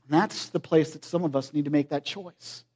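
A man preaching a sermon in an earnest, emphatic way, swinging from loud stresses to hushed lines. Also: on the high side, normal speed, husky.

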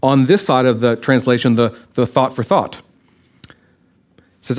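A man's voice: mid-range voice, fairly even intonation, measured pace, long pauses. Conversational man teaching a sermon. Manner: conversational, checks in with listeners. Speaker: preacher. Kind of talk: sermon-style Bible teaching.

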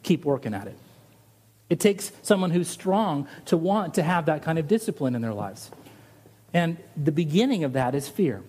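A middle-aged man preaching a sermon as pastor, animated and lively, his voice rising on rhetorical questions. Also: a little high, moderate pace, breathy edge.

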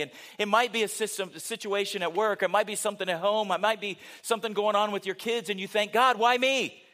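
An older man delivers a sermon in an earnest, conversational way. His voice sits high for a man, and he often drops to a soft, low-volume delivery to drive points home. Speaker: pastor.

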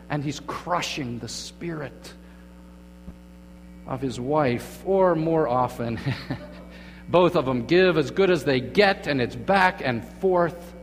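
A man preaching a sermon as pastor, moving between quiet, hushed phrases and emphatic, raised lines. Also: on the high side, lively intonation, a little slow. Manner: dramatic shifts between hushed and emphatic delivery. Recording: long hall reverb with faint mains hum.

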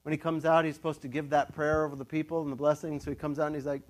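A middle-aged man giving a casual, conversational sermon, telling the story with lively asides and laughter. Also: on the high side, very fast. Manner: animated storytelling, acts out quoted voices, laughs often. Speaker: pastor.

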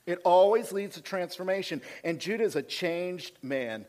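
A male senior pastor preaches a sermon in a high-sitting voice at normal speed. He retells scripture in a lively, conversational way, swinging between loud and soft.

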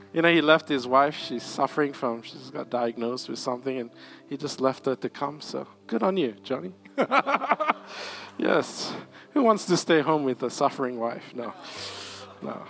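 A man's voice: medium pitch, a bit bright. A man preaching a conference sermon in a church, conversational, with asides and light laughs. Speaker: pastor.

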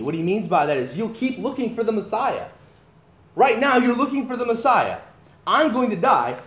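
A man teaching verse by verse from the Bible as a pastor, emphatic and animated, with frequent restarts and asides. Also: high-pitched, reverberant.

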